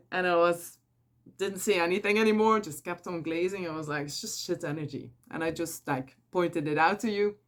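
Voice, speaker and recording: A woman with a Flemish accent, Dutch her first language, telling a personal story in a casual, candid and animated way as an energy advisor. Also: lowish voice, normal speed. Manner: candid and animated, acting out quotes, laughing often.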